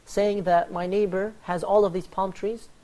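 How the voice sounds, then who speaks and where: A man hosting a religious panel talk on charity, telling stories in an animated way and acting out the quoted lines. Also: high voice, moderate pace, slight background noise. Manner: animated storyteller, acts out quoted dialogue. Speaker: host.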